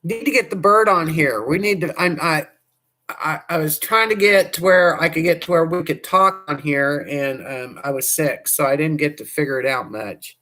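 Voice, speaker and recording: A woman hosting a casual livestream, chatting to viewers in a rambling way and sounding hoarse. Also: low-pitched, moderate pace, bright, forceful tone. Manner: rambling, chatty, trails off mid-thought. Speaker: livestream host.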